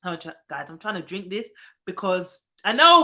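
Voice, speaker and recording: A young woman, a nanny, chatting casually on her live stream, reading viewers' comments aloud and greeting them with excited bursts. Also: fairly low pitch, fast talker, noisy background. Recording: dull lo-fi sound.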